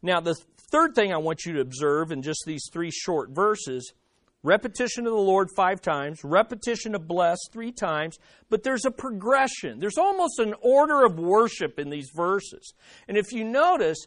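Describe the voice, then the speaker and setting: High-voiced man preaching a sermon. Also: sing-song, moderate pace, a bit bright, no echo. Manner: emphatic repetition, asks the congregation questions. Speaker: pastor.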